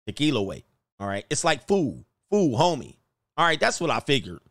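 A man's voice: mid-range voice, big pitch swings, a little fast, a bit bright, dry recording, clean studio sound. A man hosting a casual livestream, joking and rambling and often laughing as he talks. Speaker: host.

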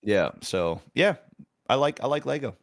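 A man's voice: medium pitch, lively intonation, moderate pace, no room sound, studio quality. A man co-hosting a casual podcast who answers in a laid-back way with short, easy replies. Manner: laid-back, brief replies, laughs along. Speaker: podcast co-host.

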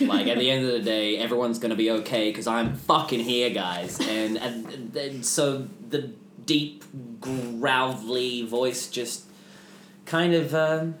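A man's voice: medium pitch, measured pace, a bit bright. A young Australian man, a voice actor, chatting casually with his castmates in a rambling, joking way. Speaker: voice actor in an audio drama cast. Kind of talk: casual podcast chat. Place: room shared with other cast members. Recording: roomy with faint background noise.

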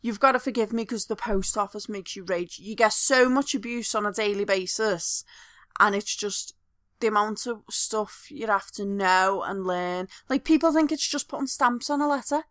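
A young woman co-hosting a podcast in casual, sweary chat, animated and often acting out voices. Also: medium pitch, normal speed, dry recording, studio quality. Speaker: podcast co-host.

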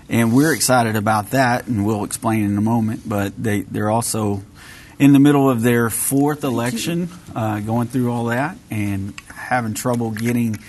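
A man's voice: medium pitch, a little hiss or hum. A man co-hosting a radio talk show, speaking easily with lots of uh fillers. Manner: easygoing, halting with many uh fillers.

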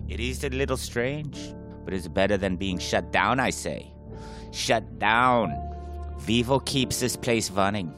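Guy doing a deadpan german scientist, slow and precise, pitch jumps around, music behind. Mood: explaining. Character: deadpan middle-aged German male scientist.

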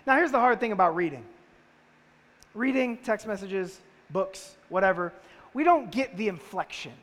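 In the long reverb of a large hall, a man preaches a conversational sermon, firing rhetorical questions at his listeners. His voice is high, expressive and a bit bright, at a moderate pace.

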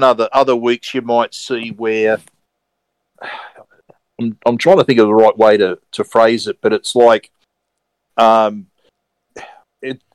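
A man with a fairly low, clean-toned voice co-hosts a casual sports podcast, speaking hesitantly with many fillers and restarts as he chooses his words carefully. There's no room sound, though the recording is low quality.

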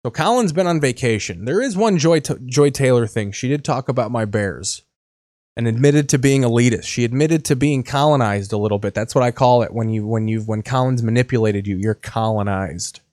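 A man's voice: medium pitch, a little fast, a little mellow, no room sound. A man hosting a podcast, riffing on news clips in a crude, mocking way. His voice is close and dry, with no room sound around it. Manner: sarcastic, mocking, profane. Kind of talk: crude comedic commentary.

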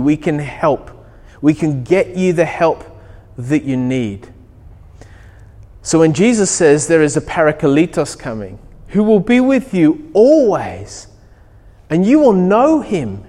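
A middle-aged Australian pastor delivering a sermon in a fairly high voice. He tells stories with animated, acted-out dialogue. His voice carries a long hall reverb. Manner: animated storytelling, acts out dialogue.

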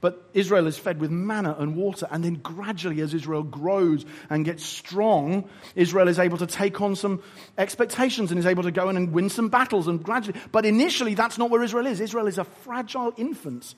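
Husky, fairly high-voiced preacher. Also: male voice, a little fast. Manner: animated, humorous, conversational. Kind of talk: sermon.

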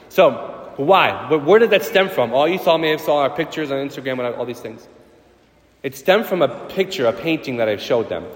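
A priest giving a sermon, animated, with sudden loud, high bursts of emphasis. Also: male voice. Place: church. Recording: echoey church with long reverb.

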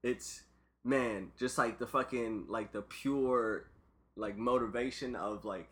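Loose, rambling young man with a bright voice. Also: medium pitch, steady tone, slow pace. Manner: loose, rambling, frequent "like" fillers, laughs a lot. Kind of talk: casual chat.

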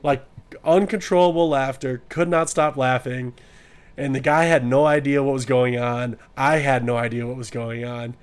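A man's voice: medium pitch, fairly even intonation, moderate pace, clean tone. A man co-hosting a podcast, telling a crude, joking story and often laughing. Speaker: podcast co-host. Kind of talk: casual podcast chat and anecdote.

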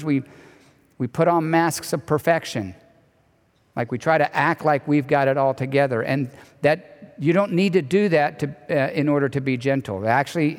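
A man preaching a sermon as pastor, animated, sometimes dropping to a soft hushed voice. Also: on the high side. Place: church sanctuary. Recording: long reverb of a large hall.

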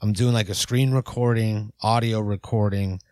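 A man's voice: on the low side, fairly even intonation, normal speed, dark tone, no room sound. A man hosting a podcast in casual chat, rambling and restarting sentences easily. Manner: rambling, self-interrupting, easygoing. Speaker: podcast host.

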